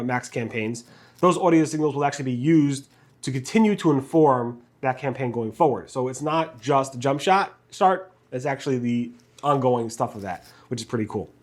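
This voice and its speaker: A man rattles off a weekly roundup of search news in a quick, casual delivery. He trips over words now and then, restarting phrases and filling gaps with ums and uhs. His tongue is sore from a bite, so his speech is a little impeded. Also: mid-range voice. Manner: fast talker with many fillers and restarts.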